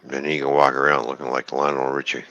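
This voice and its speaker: Very deep-voiced man, rambling casual chat. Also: little pitch movement, fast talker, bright, forceful tone, no room sound, muffled recording. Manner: rambling, jokey, explains car engine specs. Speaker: streamer chatting with friends.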